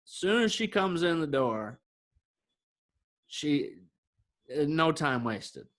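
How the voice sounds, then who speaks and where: Co-hosting a podcast, this man speaks slowly in a higher-leaning voice. He's sharing something that happened to him in easygoing chat, animatedly performing the other people's lines as he quotes them.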